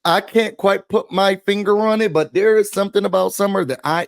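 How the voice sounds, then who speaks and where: A man's voice: sits high, a little fast, gravelly, hardly any pauses, dry recording, studio quality. A man recapping and ranting about a reality show in a chatty, opinionated way, full of slang and fillers. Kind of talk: casual recap and rant.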